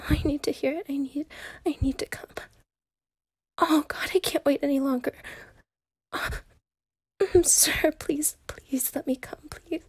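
A woman voicing an eager, devoted young secretary in a whispered role-play, with a breathy, pleading, intimate delivery. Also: sits high, steady tone, unhurried, no echo. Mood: breathless pleading.

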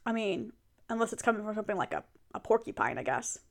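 A young adult woman in a casual role-play monologue, chatting and venting to her partner in an animated way. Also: mid-range voice, fast talker, gravelly. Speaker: audio role-play performer.

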